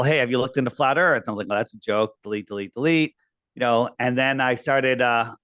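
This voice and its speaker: A man's voice: mid-range voice, a bit bright, dry recording. A man being interviewed, talking casually and telling a long, rambling story with quoted asides. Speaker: podcast guest.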